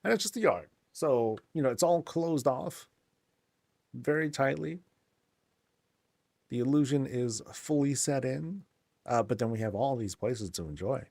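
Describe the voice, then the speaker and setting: A man's voice: medium pitch, unhurried, vocal fry, long pauses, darkish tone, dry recording. Laid-back joking man, game tour. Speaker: game channel host. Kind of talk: casual game tour commentary.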